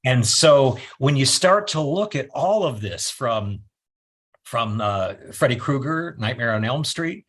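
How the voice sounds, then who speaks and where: Husky man chatting animatedly. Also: medium pitch, takes it slowly. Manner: animated storyteller, laughs often. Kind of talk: casual chat.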